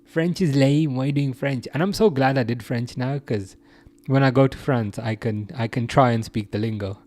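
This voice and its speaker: A young Englishman hosts a casual live stream, reading viewer comments aloud over soft background music. His voice is medium-pitched and darkish at a normal pace, and he's chatty, laughing often, restarting sentences and using plenty of fillers.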